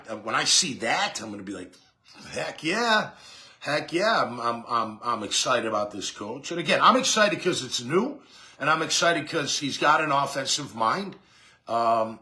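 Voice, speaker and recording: A man's voice: mid-range voice, expressive, moderate pace, bright, forceful tone. A man hosting a sports talk show, giving a casual, rambling monologue full of fillers and restarts. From Jacksonville area.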